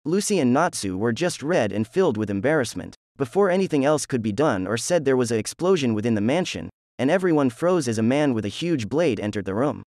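A man narrating a fan story in a plain, even scripted reading. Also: mid-range voice, fairly quick, few pauses, no room sound, clean studio sound.

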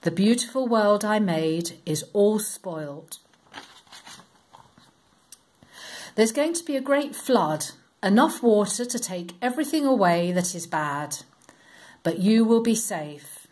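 A woman reading as a gentle, kind God. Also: medium pitch, expressive, unhurried. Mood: solemn. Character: gentle, kind, caring God speaking to Noah.

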